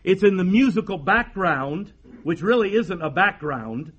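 High-voiced man preaching emphatically. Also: expressive, unhurried, fairly bright tone, breathy edge. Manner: emphatic preaching with repeated phrases and rhetorical questions. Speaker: pastor. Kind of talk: sermon.

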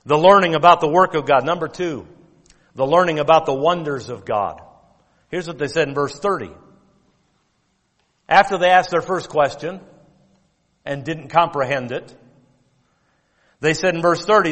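Pastor guy preaching hard, slightly high voice, leans on key words, long church hall echo. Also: expressive, a bit bright. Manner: emphatic preaching, quoting King James scripture; drawn-out stress on key words. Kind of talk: sermon.

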